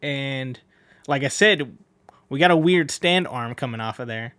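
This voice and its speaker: A man's voice: mid-range voice, lively intonation, unhurried, fairly bright tone, no echo. A man reading a manga aloud and chatting about the pages, correcting himself and laughing at his slips. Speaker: manga reader. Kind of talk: casual manga read-along with commentary.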